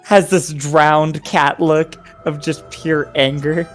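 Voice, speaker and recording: A player in a tabletop role-playing game who asks halting, hesitant questions. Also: mid-range voice, flat delivery, soft background music. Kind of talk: casual tabletop game chat.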